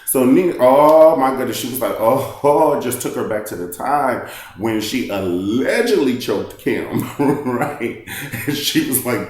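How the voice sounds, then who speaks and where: A man hosting a casual recap, retelling scenes in an animated, sassy way and mimicking the people he talks about. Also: mid-range voice, unhurried, heavy reverb. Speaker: reality TV recap host.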